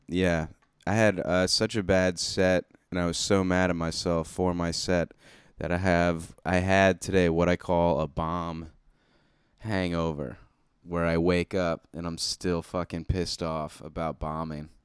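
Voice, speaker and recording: Guy doing a solo comedy podcast, real low voice, super clean and dry sound, rambling and swearing at himself. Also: clean tone, no room sound. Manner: rambling, self-deprecating and profane. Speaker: comedian hosting his own podcast. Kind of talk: casual solo podcast monologue. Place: alone, recording to himself.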